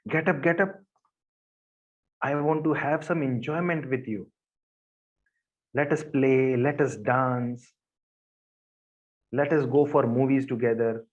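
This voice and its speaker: A man's voice: mid-range voice, fairly even intonation, takes it slowly, pauses often, lightly acted. A lustful ten-headed demon king who coaxes and leers, voiced by a man close to his own voice. The lo-fi recording sounds dull and muffled. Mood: leering.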